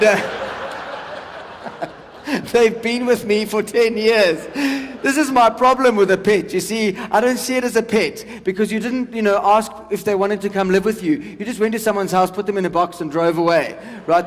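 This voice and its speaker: A man in his forties doing stand-up, his voice pitched notably high for a man. He chats loosely with the crowd, and his words ring out with a long echo across a large hall. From South Africa. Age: 40s. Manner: chatty crowd work with the audience. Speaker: stand-up comedian. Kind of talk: stand-up comedy. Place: large event hall with a live audience.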